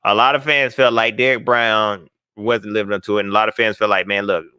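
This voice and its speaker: A man hosting a live call-in sports show, animated and slangy, joking as he reads viewer comments aloud. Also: on the low side, fairly quick, smooth, no echo. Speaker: sports podcast host.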